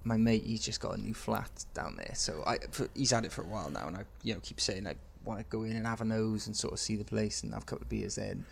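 A man's voice: fairly low pitch, quick pace, vocal fry, hardly any pauses, a little hiss or hum. A man co-hosting a comedy podcast, who rambles through stories with lots of fillers and swearing. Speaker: podcast co-host. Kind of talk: casual comedy chat.

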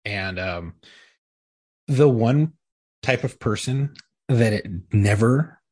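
Man, husky, former cop, swears freely, casual chat. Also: medium pitch, expressive, slow, a little mellow, dry recording. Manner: profane, storytelling with acted-out quotes. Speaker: former police officer.

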